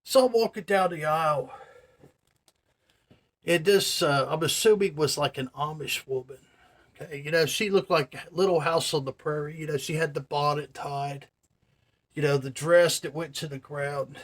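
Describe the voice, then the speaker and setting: Guy ranting to his camera, swears a lot, slightly high voice, keeps checking in with viewers. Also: normal speed. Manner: profane, ranting, addresses viewers directly. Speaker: vlogger. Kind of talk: casual storytelling rant to camera.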